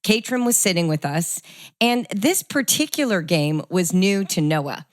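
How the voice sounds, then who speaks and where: Animated middle-aged woman hosting an interview. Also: fairly low pitch, unhurried, no room sound, clean studio sound. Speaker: podcast host. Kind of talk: conversational interview.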